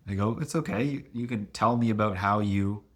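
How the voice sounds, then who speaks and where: A middle-aged man explaining relationship conflict as a coach, lively and expressive, often acting out what partners say. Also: fairly quick. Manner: animated, acts out quoted voices with big pitch jumps. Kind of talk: teaching talk to camera.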